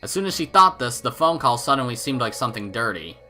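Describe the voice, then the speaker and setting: A man narrates a visual novel in a lively, animated voice with bright, forceful delivery. Faint game music plays behind him. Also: medium pitch, fast. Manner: expressive, animated reading. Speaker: let's play narrator. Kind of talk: reading a visual novel aloud with commentary.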